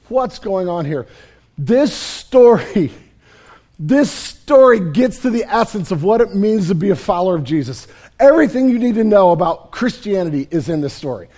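High-voiced pastor, conversational sermon. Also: male voice, sing-song, normal speed, a little mellow. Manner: casual, conversational preaching with vivid retelling.

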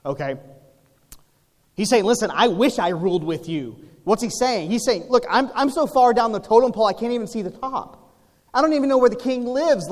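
A pastor delivers a sermon with a high, ringing voice. He talks to the congregation casually, throwing in rhetorical questions and jokes. The sound carries a long reverb from a church hall. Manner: conversational preaching with rhetorical questions and humor.

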